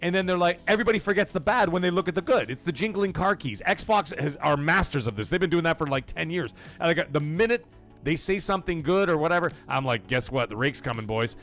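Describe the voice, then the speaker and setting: A man's voice: a little high, a bit bright. A man hosting a live gaming podcast stream, ranting profanely and greeting his chat by name.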